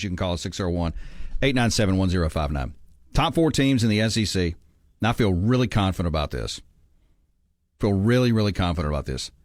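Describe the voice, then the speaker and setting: Opinionated low-voiced sports radio host. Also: male voice, dry recording, studio quality. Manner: opinionated, reads texts and calls aloud. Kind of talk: sports talk radio chat.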